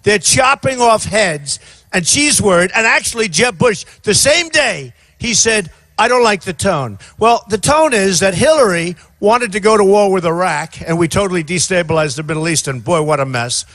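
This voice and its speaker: A man in his sixties giving an off-the-cuff campaign rally speech outdoors, rambling and repetitive, often shouting to a crowd. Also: sits high, expressive, moderate pace, dry recording, studio quality. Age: 60s. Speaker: presidential candidate.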